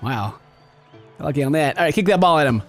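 A man giving excited let's-play commentary, giggling, yelping and shouting as he plays. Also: on the high side, fairly quick, faint music behind. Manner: giggly, exclamatory, yelps and shouts. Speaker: gaming video host.

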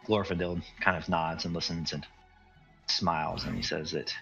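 A man's voice: low voice, level tone, normal speed, vocal fry, a bit bright, lo-fi sound, faint music behind. A man narrating as game master, with loose, casual narration and frequent hedges.

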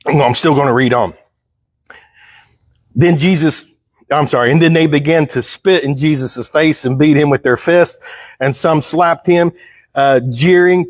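Male pastor, conversational Bible teacher, slightly high voice. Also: a little slow, no room sound, clean studio sound. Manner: conversational, reads scripture aloud and asks the congregation questions. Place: church.

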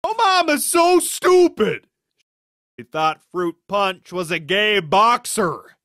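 Gravelly, lively comedy narrator who takes his time. Expect big pitch swings. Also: takes it slowly. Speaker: joke narrator. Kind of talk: animated comedy joke reading.

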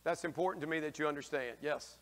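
A male priest giving a lively, folksy homily, taking questions from the congregation and acting out the figures in raised voices. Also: fairly high pitch, quick pace, big-room sound. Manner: folksy, slangy asides. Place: church.

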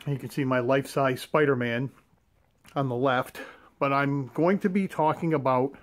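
A man's voice: medium pitch, fairly even intonation, normal speed. Rambling, hesitant man showing his collection. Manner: rambling, hesitant, lots of fillers and restarts. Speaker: comic art collector. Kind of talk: casual show-and-tell vlog. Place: his own room at home.

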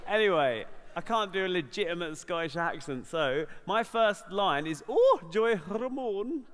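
Brief: male stand-up comic, high and wildly lively voice, whimsical storytelling. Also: moderate pace, smooth. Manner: whimsical, playful, swooping between voices. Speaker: stand-up comedian.

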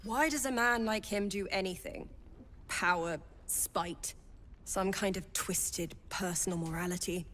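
A woman's voice: mid-range voice, steady tone, measured pace, a bit bright, a little hiss or hum, close to an everyday voice. A woman doing a weary young woman cleric, video game voice, worried, earnest.

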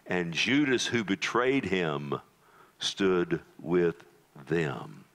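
A man preaches a sermon at a deliberate, unhurried pace. His voice sits low, and he lets it fall to a near-hush for emphasis. He talks straight to his listeners and calls them "loved one.". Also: animated. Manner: dramatic, drops to low hushed tones for emphasis. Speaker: pastor.

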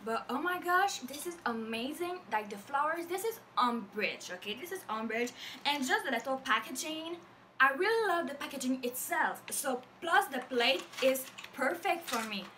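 A young woman with a French accent chatters excitedly through an unboxing, her voice high and bright. She stands a little back from the microphone, with a faint hiss in the recording. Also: normal speed, recorded from a distance, poor audio. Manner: gushing, excitable, lots of fillers. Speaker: vlogger. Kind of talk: casual unboxing vlog.

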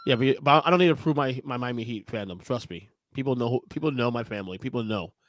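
A man's voice: medium pitch, fast talker, no room sound. A man joining a casual podcast as a guest, teasing and laughing often.

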